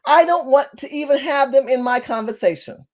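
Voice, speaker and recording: A woman from California, an activist, giving an impassioned political monologue. She talks fast and forcefully and repeats phrases for emphasis. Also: sits high. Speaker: community activist.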